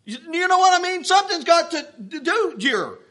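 A man preaching a sermon, telling a story in an animated, worked-up way with plenty of restarts. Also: very high voice, normal speed. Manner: folksy, animated, getting worked up.

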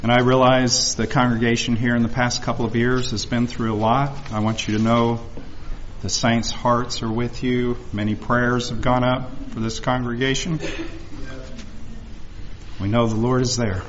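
A man's voice: mid-range voice, flat delivery, normal speed, highs cut off, slight background noise. A man addressing a congregation, earnestly retelling a personal story and voicing the people in it. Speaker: visiting speaker. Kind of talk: sermon storytelling.

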